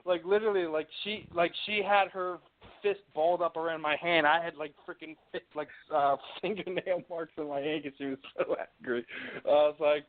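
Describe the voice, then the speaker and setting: A man's voice: a little high, fairly even intonation, normal speed. A man hosting a casual interview, rambling with many fillers and laughing easily. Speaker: podcast host. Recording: tinny phone-like line.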